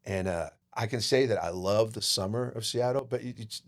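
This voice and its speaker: A man in his fifties, a podcast guest telling stories in a casual, profane, animated way. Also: fairly low pitch, normal speed. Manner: profane, animated, acts out quoted voices. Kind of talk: casual storytelling chat.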